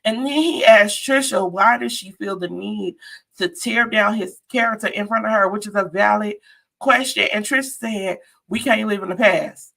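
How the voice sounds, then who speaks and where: A woman's voice: mid-range voice, moderate pace, gravelly, sharp tone. A woman giving a chatty, sassy live-stream recap of a reality show, talking straight to her viewers.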